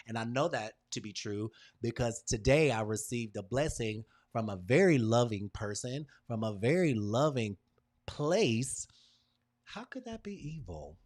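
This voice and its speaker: A man hosting a live workshop, leading a group through emphatic, repetitive motivational affirmations with emotional pauses. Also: mid-range voice, a little mellow, dry recording, clean studio sound. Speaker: host and design workshop leader.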